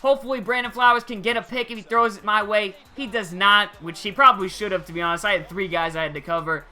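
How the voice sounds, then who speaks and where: A young man giving casual, excitable gameplay commentary over a football video game, using slang and chuckling often. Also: high-pitched, fast talker. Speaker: gaming channel host.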